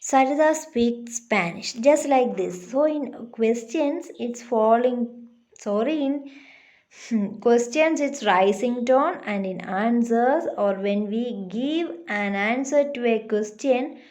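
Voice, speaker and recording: Slow patient lady teacher, kinda high voice, keeps saying huh?. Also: a little mellow. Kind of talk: classroom lesson.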